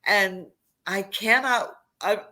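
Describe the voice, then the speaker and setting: A woman guest on a casual live chat, enthusiastic and quick to agree. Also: mid-range voice, bright, forceful tone.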